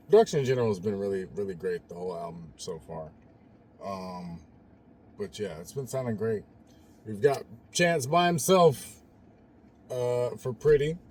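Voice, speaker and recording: A man hosting a casual album reaction video, talking in a relaxed, rambling way and trailing off at the ends of sentences. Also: mid-range voice, slight background noise. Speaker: music reaction host.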